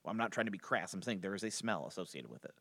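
A man's voice: low-pitched, expressive, rapid-fire, gravelly, fairly bright tone. A man teaching an informal Bible study with frequent restarts and chuckles between points. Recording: long hall reverb.

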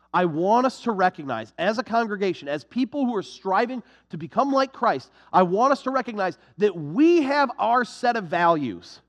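Animated, high-voiced preacher man. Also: big-room sound. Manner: animated, sarcastic mimicry, repeated restarts. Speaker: pastor. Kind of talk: sermon.

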